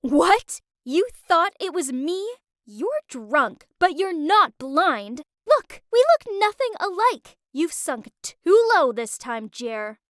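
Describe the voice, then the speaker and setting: A woman voicing a furious young woman yelling at her cheating boyfriend. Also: big pitch swings, slow pace, no room sound, studio quality, heavily acted. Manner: shrill, yelling.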